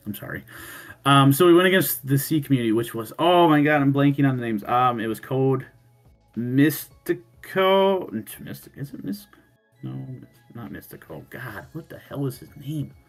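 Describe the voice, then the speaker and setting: A man on a podcast telling a story in casual chat, animated, swearing freely and laughing, often restarting his sentences. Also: medium pitch, a little fast, faint music behind. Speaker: podcast co-host.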